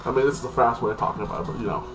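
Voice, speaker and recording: Against a noisy background, a man with a mid-range voice rattles off a rapid-fire TV episode recap. His review is loose and rambling, repeating itself and piling on "like this" fillers.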